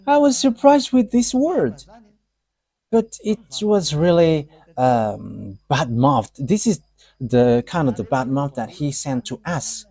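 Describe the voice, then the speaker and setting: A man preaching a sermon in a halting way, with many fillers and restarts, often laughing as he speaks. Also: fairly high pitch, big pitch swings, darkish tone, dry recording. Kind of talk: sermon talk.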